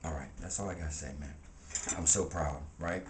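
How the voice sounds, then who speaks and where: A man's voice: a bass voice, brisk, recorded from a distance. Chatty man rambling in an echoey room. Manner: chatty, laughing, slangy, rambling. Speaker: vlogger. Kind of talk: casual rambling monologue. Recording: echoey room with faint ambient noise.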